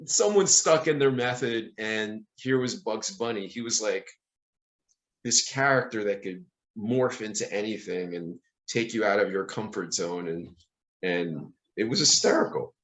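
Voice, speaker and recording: A man's voice: lowish voice, lively intonation, moderate pace, a bit bright, poor audio. A man hosting a podcast, chatting casually and playfully, laughing often. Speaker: podcast host. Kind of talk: casual chat.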